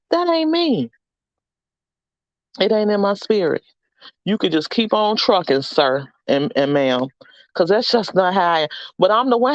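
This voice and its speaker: A woman's voice: medium pitch, sing-song, normal speed, no echo, muffled recording. A middle-aged woman hosting a casual livestream chat, upbeat and encouraging as she reads out names from the chat. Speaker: livestream host.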